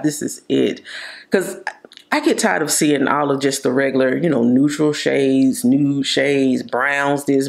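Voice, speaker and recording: Heavily gravelly woman gushing about makeup. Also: a bass voice. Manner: gushing, chatty, drawn-out emphasis. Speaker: beauty vlogger. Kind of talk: casual product review.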